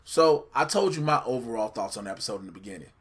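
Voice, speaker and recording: Dude recapping a tv episode, swears a lot, jokey and animated, normal pitch. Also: male voice, quick pace, a little hiss or hum. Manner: animated, profane, jokey storytelling. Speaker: co-host reviewing a TV episode. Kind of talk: casual podcast chat.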